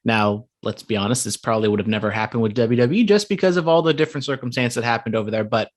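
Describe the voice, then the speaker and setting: A man co-hosting a casual podcast, teasing his friends in a wry, deadpan way. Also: mid-range voice, quick pace. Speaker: podcast co-host.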